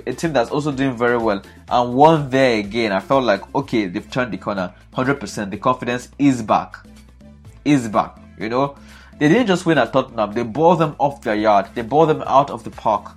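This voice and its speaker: A man's voice: medium pitch, husky. Guy ranting about a football match, fed up, keeps repeating himself, bit of music in the back. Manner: exasperated, repetitive, emphatic ranting. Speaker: football pundit. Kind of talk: animated match analysis.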